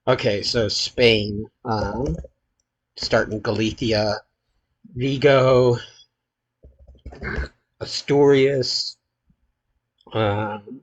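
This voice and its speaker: A man hosting his channel, thinking aloud as he plays a geography quiz, hesitant and halting with many filler pauses. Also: mid-range voice, steady tone, low-quality recording. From United States.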